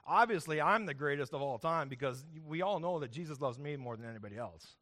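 A preacher doing a smug, self-assured apostle. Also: male voice, a little high, lively intonation, quick pace, fairly bright tone. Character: smug, self-satisfied apostle John, grown man.

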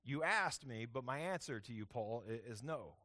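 A preacher putting on God as a calm, solemn male deity, dropping his voice low and speaking slowly and firmly. The words land with quiet weight. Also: no room sound, studio quality. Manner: low, slow and firm.

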